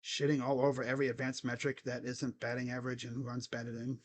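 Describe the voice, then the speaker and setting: A man doing excitable live play-by-play as a fan, cheering, chanting and grumbling at his team. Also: medium pitch, a little fast. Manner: animated, cheering and chanting, swings to muttered grumbling. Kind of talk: excited live game commentary.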